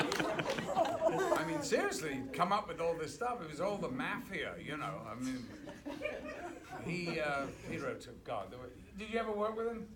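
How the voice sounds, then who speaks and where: Lively older man telling stories, laughing. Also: high voice, unhurried, pauses often, over a noisy crowd. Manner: animated, laughing through his stories. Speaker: guest actor on a film panel. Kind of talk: anecdotal storytelling at a screening Q&A. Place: cinema auditorium. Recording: loud background noise and clicks.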